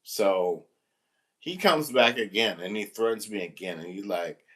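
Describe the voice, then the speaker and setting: A man's voice: lowish voice, animated, measured pace, a bit bright. A man who works as a substitute teacher, telling a rambling, exasperated and joking story with mild cursing. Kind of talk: casual storytelling to camera.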